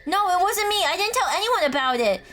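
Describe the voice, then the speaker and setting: A woman's voice: very high-pitched, big pitch swings, a little fast, fairly bright tone, a little hiss or hum, voice pushed up, exaggerated voice. A woman voicing a flustered teenage male student who defends himself in a video game. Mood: defensive.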